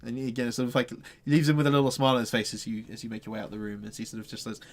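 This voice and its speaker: A man's voice: mid-range voice, flat delivery, very fast, hardly any pauses. A man narrating a tabletop game as game master, rambling with many fillers.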